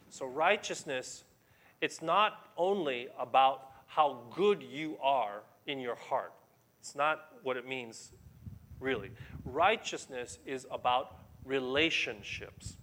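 A middle-aged male pastor delivers a sermon at an unhurried, measured pace. His voice is bright and forceful, with an emphatic, conversational way of preaching. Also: medium pitch.

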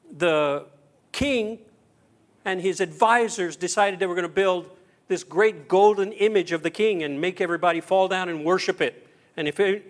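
A middle-aged man preaching a sermon as pastor, telling stories with acted-out quotes and swinging between loud and hushed. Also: high-pitched.

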